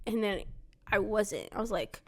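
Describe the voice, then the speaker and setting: Brief: young woman, casual storyteller, lively, mimics voices in her retelling. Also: medium pitch, moderate pace. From Florida. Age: young adult. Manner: animated, acts out quoted voices, laughs often. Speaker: daughter recounting her past.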